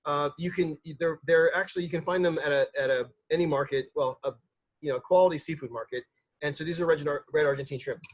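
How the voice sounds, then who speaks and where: A man's voice: a little high, steady tone, quick pace. A man, a chef, giving a casual cooking demonstration in a loose, chatty way with lots of fillers and restarts.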